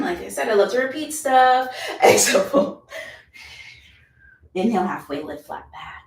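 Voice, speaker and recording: A woman's voice: fairly high pitch, sing-song, normal speed, long pauses. Upbeat woman leading yoga in an echoey room. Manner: upbeat, playful, chatty with bursts of laughter and whoops. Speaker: yoga instructor. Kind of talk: guided yoga class instruction. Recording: echoey room, mic at a distance.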